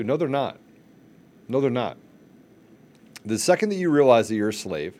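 A man's voice: medium pitch, animated, fairly quick, pauses often, darkish tone. A man co-hosting a podcast, speaking with passion and repeating phrases for emphasis. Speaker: podcast co-host. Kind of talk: casual political podcast talk.

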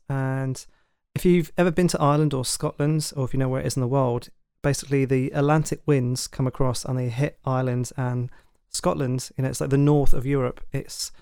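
A man's voice: medium pitch, darkish tone, clear, resonant tone, no echo, clean studio sound. A man with a London accent hosting a podcast, talking casually and chattily with fillers and asides. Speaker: podcast host. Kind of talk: casual monologue.

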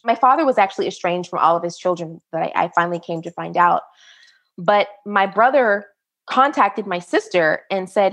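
A woman interview guest from the United States, telling a personal story in an animated way and acting out the quoted voices at a higher pitch.

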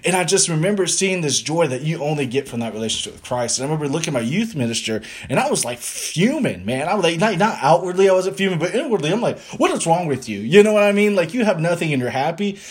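A man's voice: on the high side, fast talker, few pauses, slightly rough. A young man with a Southern American accent, telling his faith story casually on a podcast and acting out his past thoughts. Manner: animated storyteller, acts out his past thoughts, laughs easily. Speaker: podcast co-host sharing testimony. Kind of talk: casual conversational testimony.

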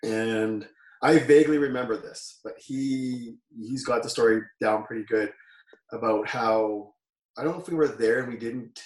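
A Canadian former wrestler in his forties, appearing as an interview guest, tells loose stories in an easy, mid-pitched voice with a darkish tone at a moderate pace. He rambles, backtracks, corrects himself and laughs as he goes. Sitting back from the mic in an echoey room, he sounds distant and hollow.

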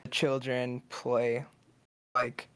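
A man's voice: medium pitch, monotone, extremely slow, fairly bright tone, smooth, dry recording. A man chatting casually as a player in a tabletop game.

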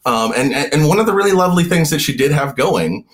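A man who is a guest author in a casual podcast chat, talking in halting bursts with many repeated words and restarts. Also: a little high, expressive.

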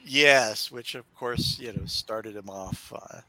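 A man's voice: fairly low pitch, slow, a crowd in the background, rough recording. A middle-aged man co-hosting a podcast, chatting casually and joking, laughing often and sliding into mock impressions. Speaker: podcast co-host. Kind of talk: casual chat.

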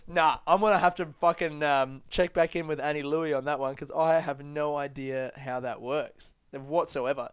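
A man's voice: a little high, steady tone, moderate pace, few pauses, smooth. Rambling, sweary young man. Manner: rambling, sweary and self-mocking. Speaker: podcast host. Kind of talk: casual solo podcast chat.

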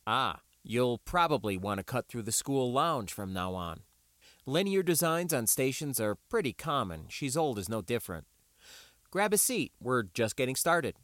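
A man reading an audiobook and voicing a round, easygoing male weapons instructor who lectures in a relaxed, explanatory way. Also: mid-range voice, normal speed, no room sound. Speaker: teacher. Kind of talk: audiobook character voice.

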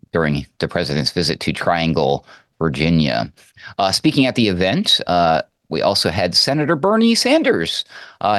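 Man, low voice, sarcastic news commentary, mocking asides, dry close mic. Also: no echo. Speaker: political commentator.

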